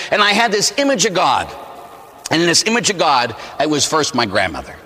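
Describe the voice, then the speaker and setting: Animated priest telling a funny story, bright voice, big reverby hall. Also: male voice, a little high, brisk, husky. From Pittsburgh, USA. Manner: animated and humorous, acts out scenes. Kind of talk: storytelling sermon.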